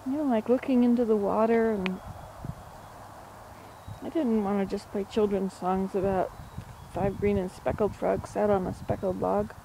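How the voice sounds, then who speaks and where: A woman's voice: medium pitch, dark tone, a little hiss or hum, rough recording. A woman vlogging outdoors by a marsh, chatting in a rambling, thinking-aloud way. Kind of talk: casual outdoor vlog chat.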